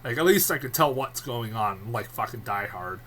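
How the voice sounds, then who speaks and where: A man's voice: mid-range voice, lively intonation, normal speed, fairly bright tone, slight background noise. A man giving a casual, rambling film review, swearing freely and laughing often.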